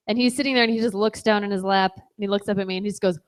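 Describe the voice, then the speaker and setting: A woman's voice: fairly high pitch, fast, few pauses, clean tone. A young woman doing a bawdy stand-up comedy set on a bar stage, telling a story with laughs. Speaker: stand-up comic.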